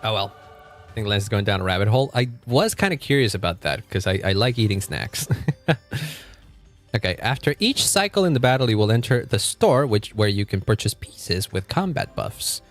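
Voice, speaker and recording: Animated swearing young man streamer. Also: on the low side, normal speed, soft background music. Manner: animated, swears freely, laughs often. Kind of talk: casual gaming livestream chat.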